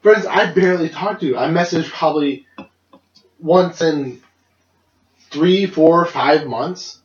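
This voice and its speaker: A man's voice: fairly high pitch, slow pace. A young man casually telling a long personal story on a podcast, rambling, laughing often and swearing freely. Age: young adult. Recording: dull lo-fi roomy recording.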